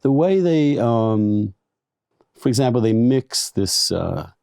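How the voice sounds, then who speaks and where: Middle-aged man from England as guest, earnest and halting, mellow warm tone, dry close mic. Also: mid-range voice, big pitch swings, creaky, smooth, dry recording. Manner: earnest, halting, many restarts. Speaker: podcast guest. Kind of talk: casual chat.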